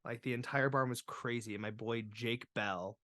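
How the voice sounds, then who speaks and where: A man hosting a podcast, telling a wild story in casual, profane chat that swings between loud and quiet. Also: medium pitch, fairly even intonation, normal speed, dry recording, clean studio sound. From Boston area. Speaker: podcast host.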